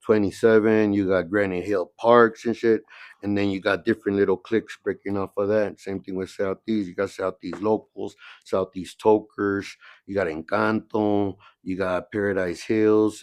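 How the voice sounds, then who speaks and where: A middle-aged man from the San Diego area tells rough stories in a relaxed, low-pitched voice, swearing freely and checking in with "you know what I mean." The sound is close and dry. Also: moderate pace, dry recording. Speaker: podcast guest. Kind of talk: casual storytelling, heavy cursing.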